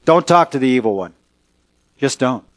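A man's voice: mid-range voice, expressive, normal speed. Earnest man preaching a sermon. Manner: earnest, emphatic, varies pace for effect. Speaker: pastor. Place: church sanctuary.

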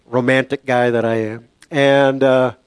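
An older man preaching a sermon through a personal story and prayer, halting and reflective, with many fillers and restarts. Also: medium pitch, little pitch movement, clean tone, dry recording.

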